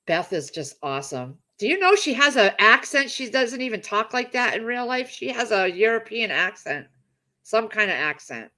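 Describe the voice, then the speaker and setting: A middle-aged woman hosts a casual livestream, chatting warmly with her viewers. She reads out their comments and gushes over them, rambling from one thought to the next. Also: on the high side, big pitch swings, moderate pace. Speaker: livestream host.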